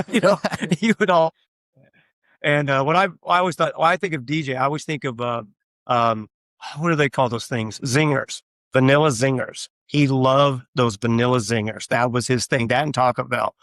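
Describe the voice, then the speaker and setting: A man of middle pitch speaks as a guest in a casual interview. He tells long, rambling anecdotes and fills them with frequent fillers. The recording is dry and close, with little room sound. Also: moderate pace, fairly bright tone, no room sound. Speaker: guest, tribute artist for a famous singer.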